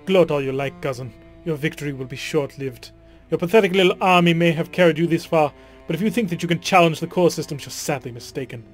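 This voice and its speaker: A scheming, gloating villainess, put on by a man with a British accent, cool and taunting from her prison cell in a video game. Her lines come slow and mocking, each word weighed. Faint music plays underneath. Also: on the high side, natural voice. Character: scheming imprisoned noblewoman villain, gloating and cruel. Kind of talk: dramatic reading of game dialogue.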